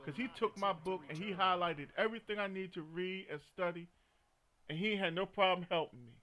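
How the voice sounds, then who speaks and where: A man's voice: high-pitched, brisk, sharp tone. A man streaming a video game, chatting casually, joking and telling stories. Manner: joking, storytelling, frequent laughter. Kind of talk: casual gaming commentary.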